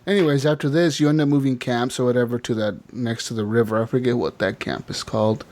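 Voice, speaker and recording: Animated, swearing male podcast host. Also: mid-range voice, fast. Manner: animated storytelling, acts out characters, swears often; laughs often. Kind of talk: casual chat.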